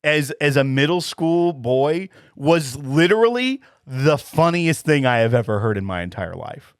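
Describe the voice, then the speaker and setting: A man in mid-range voice chatting on a podcast, animated and laughing as he recalls old stories. His voice sounds dry and close to the mic. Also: fairly high pitch, measured pace, smooth, no echo. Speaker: podcast co-host. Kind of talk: casual chat.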